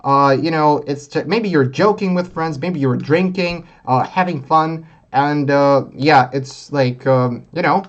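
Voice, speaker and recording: Man teaching English slang at a relaxed pace. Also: fairly high pitch, muffled recording. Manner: relaxed, explains slowly with many fillers. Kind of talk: live online English lesson.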